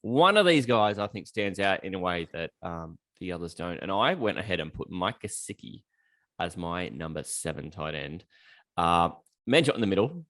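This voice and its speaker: A low-pitched Australian man hosting a casual podcast, steering the segments with playful ribbing. The recording is close and dry. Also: lively intonation, normal speed, fairly bright tone, no echo. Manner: playful, teasing, steers the talk. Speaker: podcast host.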